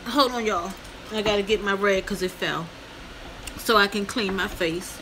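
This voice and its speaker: A woman's voice: mid-range voice, moderate pace, noisy background. A woman, a vlogger telling her story to viewers, tearful and calling them y'all. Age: 50s. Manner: addresses viewers as y'all, breaks down crying. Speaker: mukbang vlogger.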